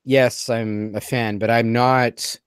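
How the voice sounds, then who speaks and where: A man's voice: mid-range voice, flat delivery, slow pace, clean tone, dry recording. A man co-hosting a casual talk show, rambling and hesitant as he thinks aloud. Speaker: podcast co-host. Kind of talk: casual chat.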